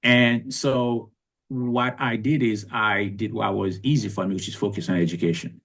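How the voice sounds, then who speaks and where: Man, sixties, lower register, reflective interview storyteller. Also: fairly even intonation, normal speed, vocal fry, fairly bright tone. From Haiti. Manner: reflective, conversational, with frequent restarts. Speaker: guest.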